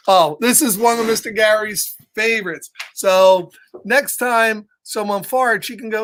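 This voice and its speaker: A man's voice: sits high, measured pace, fairly bright tone. A man reading a picture book aloud to children, playful and chatty, chuckling often and greeting listeners by name. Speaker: children's storytime reader.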